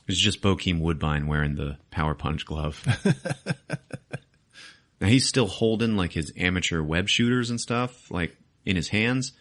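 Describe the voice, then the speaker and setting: A man's voice: sits low, a bit bright. A man hosting a podcast, retelling a movie plot in a crude, joking way, swearing and laughing often. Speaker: podcast host. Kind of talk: comedic movie recap.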